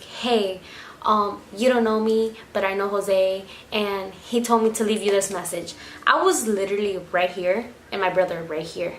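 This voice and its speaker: A young woman vlogger telling a story at home in a casual, animated way, full of swearing and quick bursts of speech. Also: medium pitch, slight background noise. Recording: echoey room.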